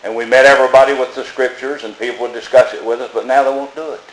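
A man's voice: medium pitch, flat delivery, quick pace, slight background noise. An older man preaching a folksy, plainspoken sermon, repeating his phrases as he tells stories. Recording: echoey room.

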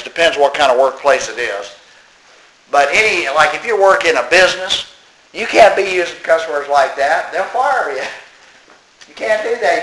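A man's voice: on the high side, fairly bright tone, echoey room, a little hiss or hum, poor audio. A man reading a religious tract aloud and commenting on it as he goes, emphatic and scolding. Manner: emphatic, scolding, talks back to the text.

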